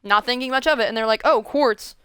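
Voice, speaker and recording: Smooth-voiced woman telling a rambling story. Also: on the high side, fairly even intonation, very fast, pushed and bright, no room sound. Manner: rambling, self-interrupting, with fillers and restarts. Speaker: game streamer. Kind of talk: casual storytelling while gaming.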